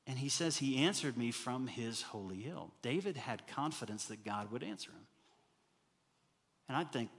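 A man preaching a sermon as pastor, animated and rising to loud, emphatic bursts. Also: medium pitch, moderate pace. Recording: hall reverb.

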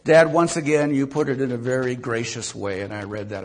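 A man's voice: lowish voice, a little fast, vocal fry, hardly any pauses, slight background noise. An older man preaching a sermon to his congregation, folksy and self-mocking, with asides to the listeners. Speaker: pastor.

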